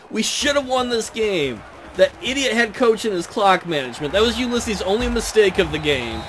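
High, lively voice of a ranting man. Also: unhurried, long pauses, faint music behind. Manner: frustrated, ranting. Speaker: gaming commentator. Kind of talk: let's play commentary.

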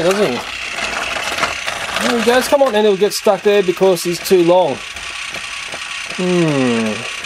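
High-voiced chatty man over whirring noise. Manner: chatty, talks to viewers and to the toy, chuckles often. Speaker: toy reviewer. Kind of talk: casual hands-on toy demonstration.

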